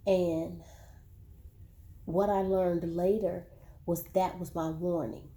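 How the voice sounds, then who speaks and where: Woman, slow and measured, speaking to viewers in a dark, flat voice. Personal testimony. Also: lowish voice. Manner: slow, measured storytelling with repeated words.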